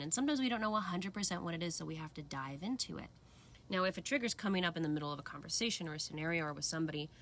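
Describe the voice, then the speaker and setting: A woman with a lowish voice speaks in an earnest, casual, reflective way. She talks expressively and now and then acts out her own inner voices. Faint noise hums behind her. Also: fairly bright tone. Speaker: speaker sharing personal practice. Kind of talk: casual reflective talk to camera.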